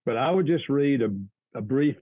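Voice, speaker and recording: An older man, a guest author, earnestly telling a family story in an interview, with halting restarts. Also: mid-range voice, no room sound, phone-quality sound.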